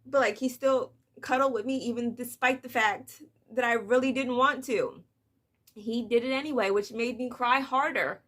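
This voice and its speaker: A young woman and mother talking softly and haltingly in a personal vlog, holding back tears, with many fillers. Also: fairly high pitch, fairly even intonation. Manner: soft, hesitant, many "like" fillers, on the edge of tears. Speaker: vlogger, mother of two.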